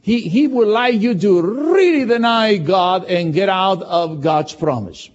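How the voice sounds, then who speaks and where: A man preaching a sermon, animated and emphatic, with many restarts. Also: sits high, measured pace. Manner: animated, repetitive restarts, rising to emphatic shouts. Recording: dull lo-fi sound.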